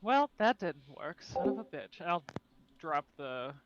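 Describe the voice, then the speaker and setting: A man playing a tabletop game, relaxed and hesitant with many fillers. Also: a little high, unhurried, lo-fi sound, a crowd in the background. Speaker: player.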